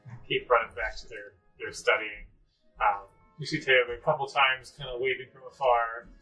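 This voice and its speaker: A woman's voice: extremely low pitch, fairly even intonation, moderate pace, sharp tone, far from the mic, soft background music, low-quality recording. A woman running a tabletop game as game master, narrating in a loose, chatty way. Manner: loose and chatty, many fillers.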